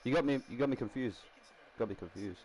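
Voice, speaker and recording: A man's voice: mid-range voice, quick pace, darkish tone, poor audio. A man casually commenting while building a rugby team in a game, rambling and laughing often. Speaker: gaming streamer.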